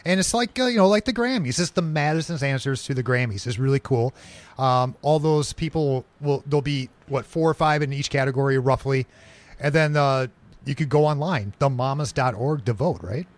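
A man's voice: medium pitch, moderate pace, dry recording. A man hosting a local radio talk show, friendly and loose as he introduces his guest. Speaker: radio host. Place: radio studio.

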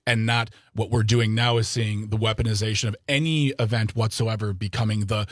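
A man's voice: on the low side, fairly even intonation, a little fast, no echo, studio quality. A man co-hosting a political discussion podcast, talking earnestly and rambling with frequent restarts. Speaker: podcast co-host.

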